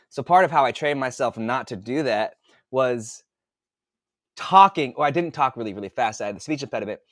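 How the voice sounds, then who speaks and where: Forties guy host, rambly and profane, dry close sound, mid pitch. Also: a bit bright, dry recording. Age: 40s. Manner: rambling, profane, thinks aloud with restarts. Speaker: author and podcast host. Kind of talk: casual livestream chat.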